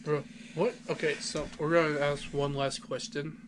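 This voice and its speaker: A man's voice: fairly high pitch, little pitch movement, moderate pace. A man co-hosting a casual podcast who talks in an enthusiastic, rambling way and fills his speech with "like.". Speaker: podcast co-host. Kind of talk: casual chat. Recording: noisy home recording.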